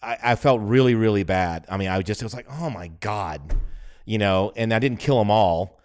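A man's voice: lowish voice, fairly quick, darkish tone, clear, resonant tone. A man co-hosting a podcast, telling long rambling stories with lots of swearing, and laughing at himself. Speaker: podcast co-host. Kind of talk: casual chat.

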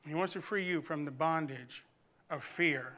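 A man delivers a sermon in a high, bright voice, pressing his congregation with repeated calls to listen. He builds from quiet coaxing to urgent exhortation, with a faint lilt. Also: normal speed. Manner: preaching with rising intensity and repetition; tells humorous family anecdotes to the congregation. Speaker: pastor.

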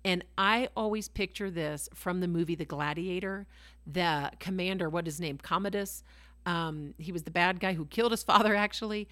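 A woman's voice: on the low side, normal speed, a bit bright, no room sound. A woman reading scripture aloud and teaching on it in a devotional podcast, enthusiastic, exclaiming and asking her listeners rhetorical questions. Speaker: Bible teacher and podcast host.

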